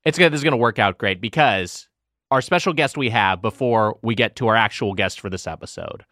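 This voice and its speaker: A man's voice: fairly low pitch, brisk, bright, forceful tone, dry recording, clean studio sound. A man co-hosting a podcast, teasing and bantering in casual chat. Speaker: podcast co-host.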